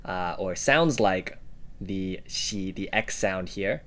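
A man co-hosting a relaxed language lesson, explaining example words with frequent ums and uhs. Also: sits low, slow. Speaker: language teacher co-host. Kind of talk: casual instructional podcast.

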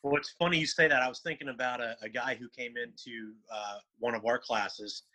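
A man's voice: medium pitch, fairly even intonation, fairly quick, bright, forceful tone, low-quality recording. A man co-hosting a casual podcast, cracking dry jokes and telling a laid-back story. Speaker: podcast co-host.

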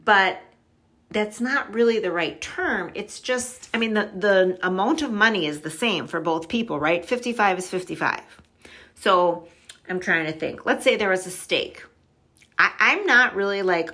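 Chatty upbeat woman with a bright voice. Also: medium pitch, lively intonation, unhurried. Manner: chatty and upbeat, says "like" often, laughs easily. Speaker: podcast guest on money mindset. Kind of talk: casual chat.

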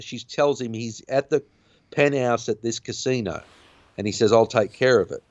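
In this casual film recap chat, a man hosting a podcast retells the plot in a meandering way, stumbling over fillers and restarts. He speaks in a mid-range voice with no room sound, captured as dull, dry lo-fi audio.

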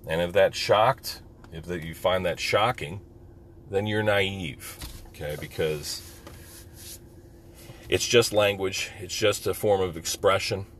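A man's voice: low voice, slow pace, a bit bright, slight background noise. A man and military veteran talking candidly in a casual monologue, rambling with many fillers.

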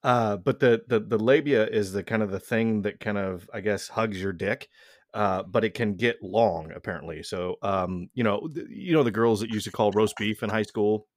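A man's voice: fairly low pitch, moderate pace, no room sound, clean studio sound. A young man telling a crude story in casual banter, rambling and restarting often. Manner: rambling, profane, many restarts.

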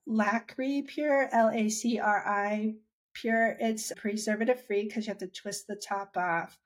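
A woman chatting about her own experience, talking freely with restarts and quoting herself and others as she goes. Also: mid-range voice. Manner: chatty, with many restarts and acted-out quotes. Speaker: interviewee sharing her dry eye story. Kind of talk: casual conversational storytelling.

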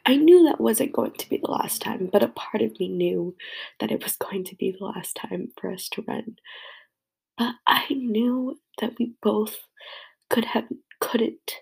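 Tearful young woman with a gravelly voice. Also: fairly high pitch, darkish tone. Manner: rambling, heartfelt, halting. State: crying. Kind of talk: emotional personal tribute.

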